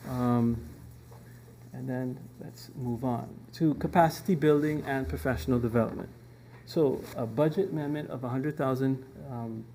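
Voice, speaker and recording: Flat-voiced man presenting to a committee. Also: medium pitch, a little hiss or hum. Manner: measured, with frequent ums and restarts. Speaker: government department presenter. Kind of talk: formal presentation to a parliamentary committee. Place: parliament committee room.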